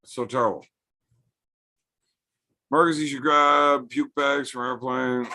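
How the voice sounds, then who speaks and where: A man's voice: mid-range voice, fairly even intonation, measured pace, pushed and bright. A man hosting a casual livestream from home, bantering with chat in a joking, profane way. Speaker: livestream host.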